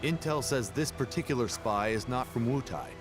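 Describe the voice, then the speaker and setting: A man's voice: mid-range voice, moderate pace, over music, close to an everyday voice. A man voicing a businesslike game officer. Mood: briefing. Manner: crisp, businesslike mission briefing. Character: formal male officer briefing a soldier. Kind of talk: game cutscene dialogue.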